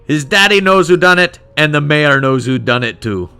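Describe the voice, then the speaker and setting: A man's voice: on the high side, lively intonation, normal speed, creaky, sharp tone, smooth, soft background music, pitched above the performer's own voice, full character voice. A man voicing a blunt, proud male dwarf in a wandering Scottish accent while playing a game. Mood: gruff. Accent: attempted Scottish, wandering. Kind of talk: game playthrough voice acting.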